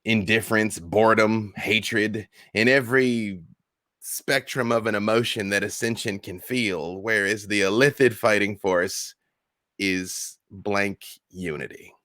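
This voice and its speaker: A man narrating as game master in a tabletop game, with measured, descriptive narration. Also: lowish voice, steady tone, pushed and bright, dry recording, clean studio sound.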